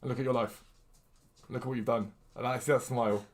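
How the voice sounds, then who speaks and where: Fast and medium in pitch, a young man's voice carries casual live-stream chatter as he plays a video game, keeping things energetic for his viewers.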